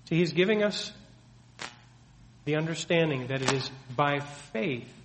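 A man's voice: fairly high pitch, animated, a little slow, background noise. A man preaching a sermon, teaching earnestly and emphatically with many rhetorical questions. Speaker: pastor. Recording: long hall reverb.

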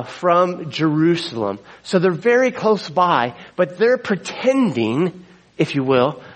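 A man's voice: a little high, rough recording. A man preaching a sermon as a pastor, retelling the story in a conversational way with asides to the congregation.

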